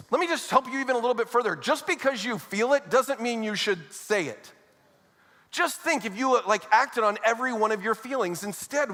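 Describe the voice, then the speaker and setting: A male pastor with a high voice preaches in a church auditorium, and a long reverb trails behind his words. His delivery is conversational, mixing scripture with casual asides and questions to the congregation. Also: pushed and bright. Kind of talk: sermon.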